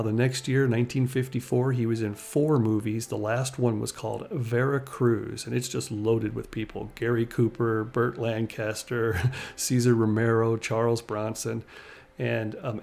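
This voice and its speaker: A man's voice: mid-range voice, vocal fry, a little mellow. A man narrating a life story in a casual, conversational way, retelling anecdotes with small laughs. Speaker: channel host and narrator.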